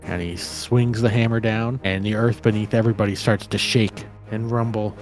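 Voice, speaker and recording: A man's voice: fairly low pitch, steady tone, normal speed, soft background music. A man narrating as game master of a tabletop game, easygoing and a little rambling.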